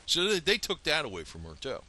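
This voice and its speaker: A vlogger rants angrily at home, profane and rambling, swinging from outbursts to muttered asides. His voice is a little high, bright and forceful, with wildly swooping pitch and a quick pace.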